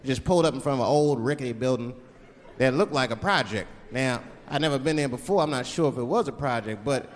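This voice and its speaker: A man's voice: medium pitch, quick pace. A man performing a stand-up comedy routine on stage, telling stories and slipping into put-on voices for the people in them. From Washington, D.C. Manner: switches into put-on voices for characters. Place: comedy stage before a live audience. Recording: live stage recording in a large hall with crowd laughter. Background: audience laughter.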